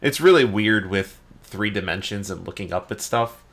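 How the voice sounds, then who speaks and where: A man narrating and ruling a tabletop game as dungeon master, explaining rules in a relaxed way with frequent pauses. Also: fairly low pitch.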